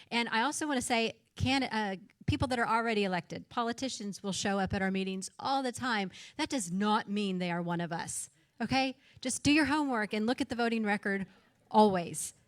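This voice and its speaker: A woman's voice: mid-range voice, dry recording. A woman hosting a grassroots meeting, addressing a live audience in a chatty, casual way and often checking in with "okay?". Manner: chatty, repeats "okay?" to the crowd. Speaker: meeting organizer and host. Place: church meeting hall.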